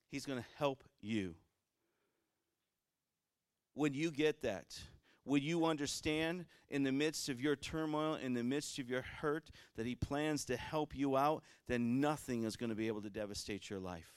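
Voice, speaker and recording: Man, pastor, sermon, smooth clear voice, dry close sound, fervent to hushed. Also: mid-range voice, no echo. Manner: swings from loud fervent preaching to quiet conversational.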